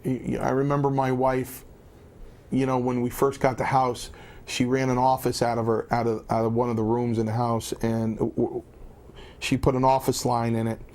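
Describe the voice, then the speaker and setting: A man's voice: medium pitch, normal speed. Middle-aged man telling a rambling story. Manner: animated storyteller with frequent restarts. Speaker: guest, former wrestler turned lawyer. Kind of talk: casual anecdote.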